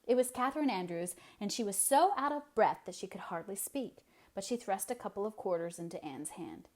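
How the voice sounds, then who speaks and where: A woman narrating a classic novel aloud in a steady storytelling voice. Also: lowish voice, a little fast. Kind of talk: audiobook reading of a classic novel.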